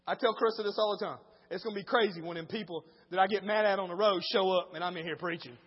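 A man preaching in a church with a very high, husky voice. He drops to quiet storytelling, then rises to shouted exhortation. The sound is dull and carries a long hall echo. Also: quick pace, hardly any pauses. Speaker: pastor. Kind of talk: sermon.

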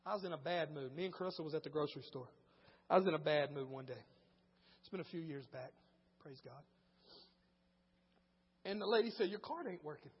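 A male pastor preaching a sermon, moving between quiet storytelling and shouted preaching in casual speech. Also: a little high, brisk, pauses often, slightly rough, big-room sound, lo-fi sound. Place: church.

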